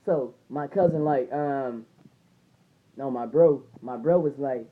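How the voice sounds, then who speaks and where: A man's voice: mid-range voice, slow pace, narrow, tinny audio, a little hiss or hum. A young man vlogging a casual, rambling story, swearing freely and retelling it line by line. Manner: rambling, profane, retells with "I'm like".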